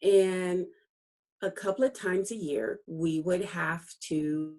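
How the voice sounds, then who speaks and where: A woman's voice: fairly low pitch, slow. A middle-aged woman, a guest author, telling a personal story in a casual interview, acting out the dialogue and laughing often as she remembers. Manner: animated storytelling, acts out quoted dialogue; laughs often while recalling.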